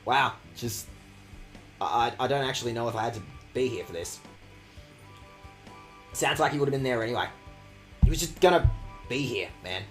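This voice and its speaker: A man's voice: medium pitch, animated, moderate pace, pauses often, fairly bright tone, soft background music. A man streaming a video game, ranting at the characters with sarcastic, profane commentary. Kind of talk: let's-play commentary.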